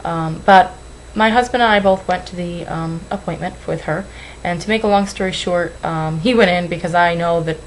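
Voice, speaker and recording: A young weight-loss vlogger records an emotional webcam vlog at home, anxious and tearful, rambling and apologizing. Her voice is on the low side at a moderate pace with hardly any pauses, and the poor audio has a little hiss or hum.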